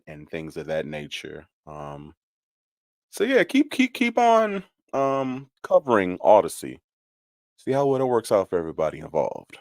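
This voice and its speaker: A man giving sarcastic gossip commentary in a shady, drawn-out way, full of asides. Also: low voice, a little mellow, no room sound, studio quality.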